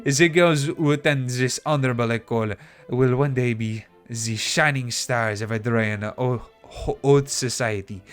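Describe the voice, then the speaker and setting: A man's voice: medium pitch, fairly bright tone. A man doing a snooty French etiquette teacher. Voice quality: exaggerated fake French accent. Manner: lofty, scolding. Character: haughty French woman deportment teacher, snobbish, prim.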